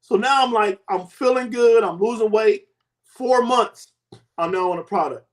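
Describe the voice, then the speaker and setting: A man in his fifties, a guest giving a lively personal testimony and acting out the people in it. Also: high voice, normal speed. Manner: animated storytelling, acts out quoted voices.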